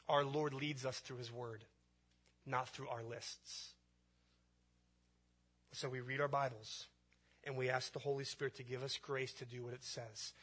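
Repeating phrases to drive his point home, a man preaches with mounting emphasis as a pastor. His mid-range voice sounds pushed and bright.

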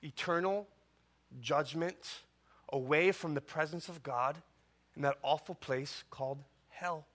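A man preaching a sermon as pastor, impassioned and full of rhetorical questions and dramatic pauses. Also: on the high side, a bit bright.

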